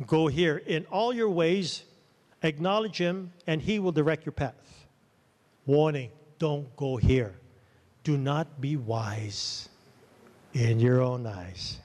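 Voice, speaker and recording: Male pastor, lively conversational sermon, somewhat high voice, long echo of a church hall. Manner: animated, conversational preaching, checking in with "okay?". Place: church sanctuary.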